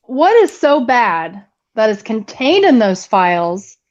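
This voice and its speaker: An animated woman on a political livestream, her pitch swinging a lot as she presses question after question in disbelief. Her audio comes through dull and lo-fi, like a remote call. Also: slow. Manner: incredulous, questioning, exasperated. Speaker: co-host. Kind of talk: heated political livestream chat.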